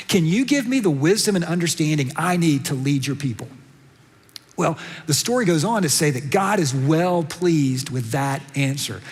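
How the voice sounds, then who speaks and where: A man with a Southern US accent preaching a sermon as a pastor, telling a story with lively storytelling and acting out the characters' lines. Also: high-pitched, husky, big-room sound.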